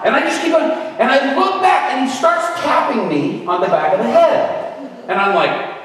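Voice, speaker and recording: A man preaching, telling a story in an animated way and acting out the voices of the people in it, with shouted bursts. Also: high-pitched, moderate pace. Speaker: guest preacher. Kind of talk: storytelling sermon. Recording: roomy hall, far from mic.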